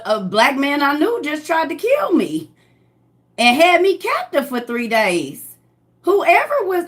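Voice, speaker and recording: Woman vlogger telling a story to viewers, animated and emphatic, with a bright, punchy voice. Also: fairly high pitch. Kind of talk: casual storytelling.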